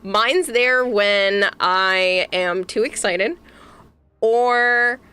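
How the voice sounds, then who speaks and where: A woman's voice: mid-range voice, drawn-out words, pushed and bright, smooth. A young woman from Massachusetts with a Boston accent, chatting casually with her livestream audience as a VTuber streamer, giggling often. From Massachusetts, USA. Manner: giggly, chatty, reads and answers chat.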